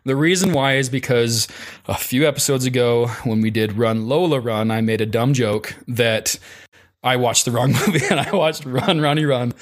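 A man's voice: mid-range voice, normal speed. A man hosting a casual podcast chat, often laughing and restarting his sentences. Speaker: podcast host.

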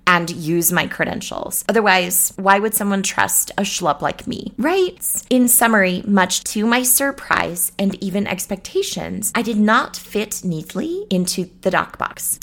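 A woman's voice: mid-range voice, fairly bright tone. A middle-aged woman hosting a solo podcast as a meditation teacher, talking straight to the listener in a playful, encouraging way.

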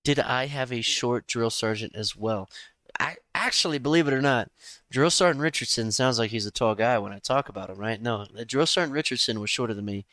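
A man's voice: medium pitch, fairly quick, fairly bright tone, no echo. A man co-hosting a podcast, chatting casually with crude jokes. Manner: profane, joking. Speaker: podcast co-host. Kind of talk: casual chat.

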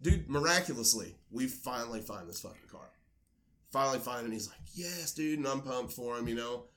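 Animated man telling a rowdy story. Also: medium pitch, brisk. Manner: animated, swearing, acts out quoted voices. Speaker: podcast co-host telling a story. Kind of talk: casual storytelling chat.

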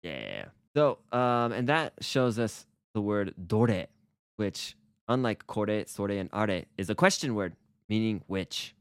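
A man with a low voice co-hosts a relaxed Japanese lesson podcast. He explains with playful energy and acts out example phrases. The sound is close and dry, with no room echo. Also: takes it slowly, clean tone. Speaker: co-host teaching Japanese. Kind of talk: casual language lesson podcast.

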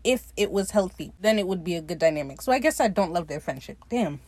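A woman's voice: on the low side, animated, quick pace, a little mellow, dry recording. Chatty woman with a dry, close sound. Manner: chatty, swears freely, laughs often. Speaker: podcast host recapping a TV episode. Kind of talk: casual, profane episode recap.

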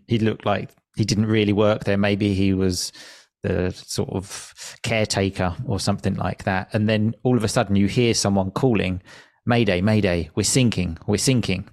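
A man's voice: fairly low pitch, creaky, no echo, clean studio sound. A man who teaches English, telling a story in an easy, rambling conversational way. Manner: relaxed, anecdotal, with fillers like "like".

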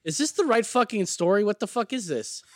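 A man's voice: high-pitched, lively intonation, brisk. A man hosting a crude casual podcast, joking, swearing and stumbling while reading aloud. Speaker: host.

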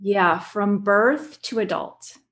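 A woman guest who works with children, explaining her work in an animated way and telling stories. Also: medium pitch, slow. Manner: animated storyteller, acts out quotes. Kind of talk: conversational explanation with anecdotes.

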